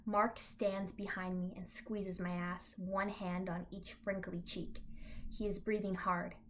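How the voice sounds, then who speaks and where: A young woman reads her own comic story aloud in a flat, deadpan voice. Now and then she stops for dry asides of her own. Her delivery stays even and understated. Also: fairly low pitch, slight background noise. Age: young adult. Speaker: reader of her own fan fiction.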